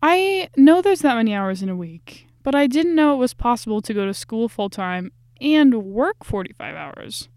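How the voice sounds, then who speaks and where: Young woman, podcast host, chatty and slangy, tired, smooth mid voice, dry closet recording. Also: a little high, sing-song, normal speed, hardly any pauses, darkish tone, no room sound. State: tired and stressed. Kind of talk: casual food review podcast. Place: small closet. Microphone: podcast microphone.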